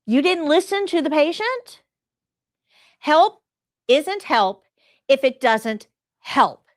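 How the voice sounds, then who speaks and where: A middle-aged woman teaching a live nursing class, telling stories in an emphatic, lively way. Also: sits high, takes it slowly, dry recording, studio quality. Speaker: nursing instructor.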